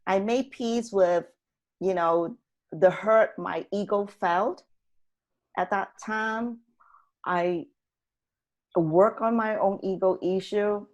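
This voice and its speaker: A woman guest on a talk show telling a personal story in an animated way, often laughing and acting out what people said. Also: mid-range voice, slow, long pauses.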